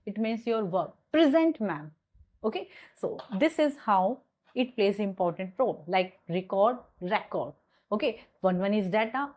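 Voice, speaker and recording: A woman's voice: a little high, darkish tone. A woman with an Indian English accent teaching an online lecture, explaining step by step and checking in with "okay". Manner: slow, explanatory, repeats points with "okay".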